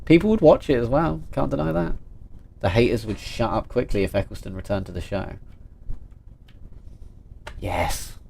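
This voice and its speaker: A man's voice: mid-range voice, normal speed, gravelly, pauses often, darkish tone, slight background noise. A man, chatting casually and playfully on a livestream while reading and answering chat. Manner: chatty and playful, reads chat aloud and reacts with jokes. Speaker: streamer.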